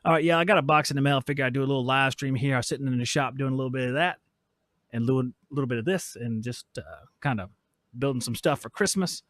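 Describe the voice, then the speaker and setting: A man's voice: medium pitch, fast talker, fairly bright tone, no echo. A man in his forties hosting a casual live stream from his workshop, joking around and reading chat messages aloud. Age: 40s. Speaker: podcast host. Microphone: switches mics midway.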